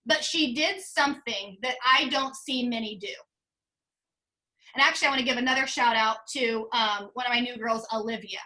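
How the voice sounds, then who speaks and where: Woman, high voice, bright tone, emotional, earnest, team leader, video call. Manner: emotional, earnest, talks in quick bursts.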